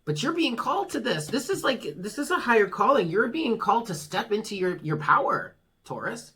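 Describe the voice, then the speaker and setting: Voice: medium pitch, very animated, brisk, a bit bright, breathy edge. A tarot reader giving a casual monthly reading, talking frankly, swearing freely and reassuring the listener. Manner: laughs at own jokes.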